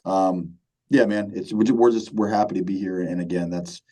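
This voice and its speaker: Brief: a laid-back male musician in his thirties, very deep and warm voice, rambling casual interview chat. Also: steady tone, normal speed, rough recording. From Michigan, USA. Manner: laid-back, many fillers and repeats, says "man" often. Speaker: band vocalist, guest.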